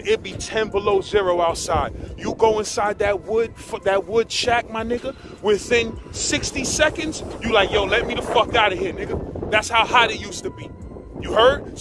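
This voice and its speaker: A man with a New York accent telling a prison story in a casual, animated, profane and slang-heavy way, mimicking others as he goes. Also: high voice, background noise.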